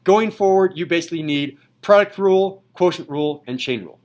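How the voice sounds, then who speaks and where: A young man teaching a high school math class in a classroom, playful and jokey in manner. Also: fairly quick, darkish tone, low-quality recording. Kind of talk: classroom lecture.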